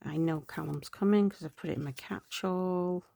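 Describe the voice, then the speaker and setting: A woman's voice: on the low side, moderate pace, creaky, no echo. A middle-aged woman chatting through her planners, rambling and correcting herself, tired and yawning. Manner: rambling, self-correcting, soft laughs. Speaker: planner vlogger.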